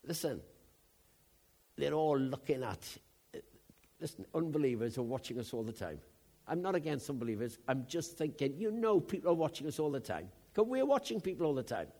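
A man preaching a sermon in a conversational way, dropping to hushed asides and rising to loud, emphatic bursts. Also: on the high side, big pitch swings, moderate pace, slightly rough.

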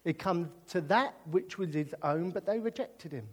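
A man's voice: high voice, normal speed, breathy edge. A British man preaching a sermon, joking through a comic story and then turning earnest. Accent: British English. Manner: animated and jokey, drifting into earnest preaching.

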